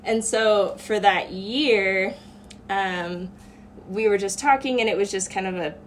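A woman's voice: mid-range voice, measured pace, a little hiss or hum. A woman guest on a podcast, earnestly telling a personal story in a casual chat, with many fillers.

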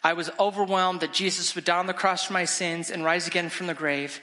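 A middle-aged man, a guest evangelist, preaching an animated, exclamatory storytelling sermon in a church sanctuary. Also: sits high, brisk. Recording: long church reverb.

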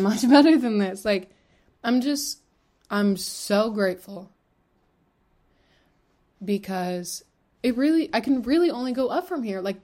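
Her mid-range voice is slightly mellow as she hosts her own podcast. The twenty-something woman talks candidly and rambles, full of fillers and curse words, alone at the mic.

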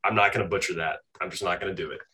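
A man with a fairly low voice chats loosely on a sports-betting podcast. His talk is relaxed and he laughs easily between points. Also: very fast, slight background noise. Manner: easygoing, laughs often. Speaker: podcast co-host.

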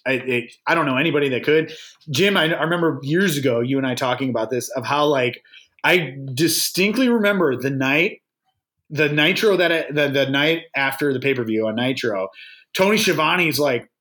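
Bright-voiced man telling wrestling stories. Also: mid-range voice, moderate pace. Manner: animated storyteller, quoting others in put-on voices. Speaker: podcast co-host. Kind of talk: casual chat.

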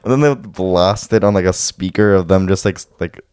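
A man with a very low, smooth voice chats casually, packing his phrases with fillers. The sound is close and dry. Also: fairly quick, darkish tone, dry recording. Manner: filler-heavy, "like" in every phrase. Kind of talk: casual chat.

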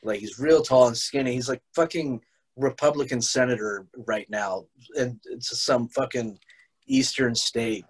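A man hosting a casual podcast chat, talking at an everyday mid pitch. He rambles, swears freely and keeps restarting his sentences. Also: a little slow, breathy edge, low-quality recording. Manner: rambling, profane, restarts a lot. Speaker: podcast host.

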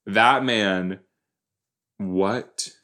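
A man's voice: fairly low pitch, extremely slow, pushed and bright. A young man in casual reaction commentary, rambling and joking as he reacts to a TV episode. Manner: chatty, rambling, jokey, puts on silly voices. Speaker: podcast host reacting to a TV episode.

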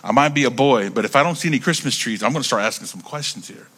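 Bright, animated preacher man. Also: medium pitch, fast, slightly rough. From United States. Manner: animated, conversational, repeats words while building stories. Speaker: pastor. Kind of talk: sermon storytelling.

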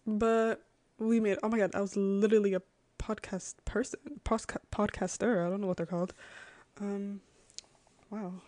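A young woman from Connecticut hosts a podcast, rambling chattily through childhood stories with plenty of "like" and giggles. Her medium-pitched voice is mellow and level, at a moderate pace, with no room sound.

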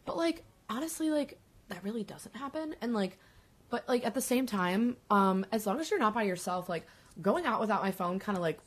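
A woman's voice: medium pitch, lively intonation, fairly quick, slightly rough. A woman in her twenties co-hosting a podcast, chatting casually with lots of fillers and casual swearing. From United States. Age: 20s. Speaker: podcast co-host. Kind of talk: casual chat.

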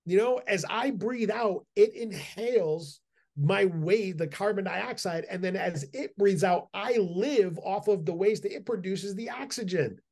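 An eager middle-aged man with a somewhat high voice talks as a podcast guest. He rambles with excitement, stumbling over restarts and repeated words. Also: unhurried, gravelly. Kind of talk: casual podcast conversation.

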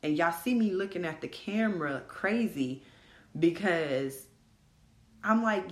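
Blunt, animated woman venting in echoey room. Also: lowish voice, moderate pace. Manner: animated, blunt, swears freely, addresses listeners as y'all. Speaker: podcast host. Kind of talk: candid storytelling monologue.

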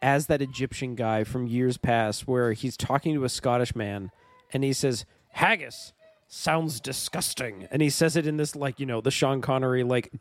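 A man's voice: mid-range voice, normal speed, no echo. A man co-hosting a casual movie podcast, making teasing wisecracks. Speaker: podcast co-host.

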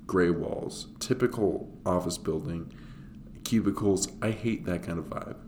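A man's voice: sits low, a little slow, darkish tone, a little hiss or hum. Blunt, joking young man on a podcast. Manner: blunt, mock-threatening, joking. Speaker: podcast co-host. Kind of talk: casual chat.

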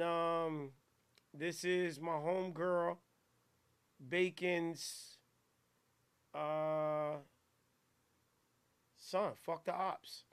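A man hosting a radio show, bantering loudly in slang and laughing with his guests. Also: high voice, smooth. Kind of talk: casual radio show chat.

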